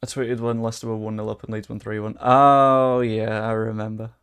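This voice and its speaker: A young man casually commentating a livestream while he plays, chatty, swearing freely and reacting loudly to the game. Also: fairly low pitch, monotone, quick pace, clean tone. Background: faint background music.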